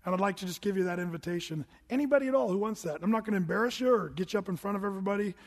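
A middle-aged male pastor with a notably high voice delivers a sermon in a church sanctuary. He tells his story with animated energy, at times climbing to shouts. His voice rings out with a long reverb tail from the hall. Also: very fast.

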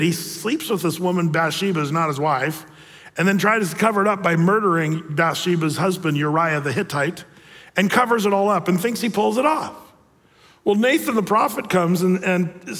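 A pastor in his sixties preaches in a loose, conversational, storytelling way. His voice sits high for a man and trails a long reverb from a big hall. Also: fairly bright tone. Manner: conversational, storytelling, acts out quotes. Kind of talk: sermon.

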